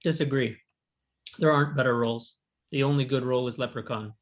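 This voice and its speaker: A man's voice: mid-range voice, steady tone, a little fast. A man playing an online party game, bluntly pushing his strategy over a video call. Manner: blunt, decisive strategy talk. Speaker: game player.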